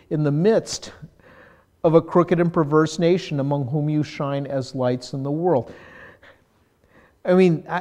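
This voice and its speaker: An older pastor with a fairly high voice preaches a sermon in a conversational, self-deprecating manner, growing animated whenever he mimics people.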